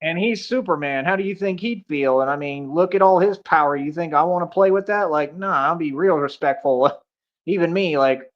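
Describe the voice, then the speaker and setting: A man's voice: fairly high pitch, normal speed, a little hiss or hum. A man streaming casually, rambling and joking, laughing often and filling with "like". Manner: joking, boastful.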